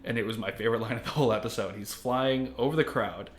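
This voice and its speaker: A man's voice: medium pitch, fast talker, reverberant. A man co-hosting a podcast, chatting casually and laughing often as he recaps an episode scene by scene. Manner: animated, laughs often while retelling. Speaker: podcast co-host.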